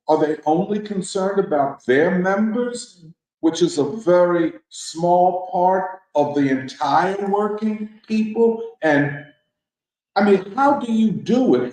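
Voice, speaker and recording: A man's voice: high-pitched, a little mellow. A man leading a political discussion, speaking emphatically and preacherly, throwing out rhetorical questions. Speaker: discussion leader. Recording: echoey room.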